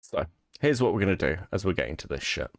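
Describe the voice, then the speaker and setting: A man's voice: deep voice, sing-song, fast talker. A man from Europe hosting a livestream, talking casually in a rambling, profane way while he thinks aloud. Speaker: streamer host.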